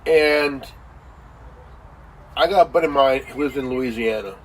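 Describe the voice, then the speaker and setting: In a profane casual rant, a man swears heavily, insults, and is crude, repeating himself and leaning on fillers like "you know" and "man." His mid-range voice is unhurried. The low-quality recording has a distant mic and slight background noise.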